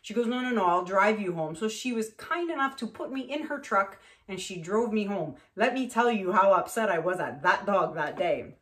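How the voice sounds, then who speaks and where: A middle-aged woman from Canada, painting on camera and telling a story in a casual, animated way, acting out the voices of the people in it. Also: mid-range voice, moderate pace, few pauses. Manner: animated, acts out voices in her stories. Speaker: acrylic pour painter.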